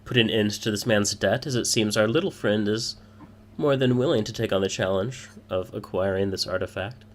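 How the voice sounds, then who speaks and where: A man voicing a formal male patron who hands out a job in a tavern, speaking in a measured, stiff way. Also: fairly low pitch, close to an everyday voice.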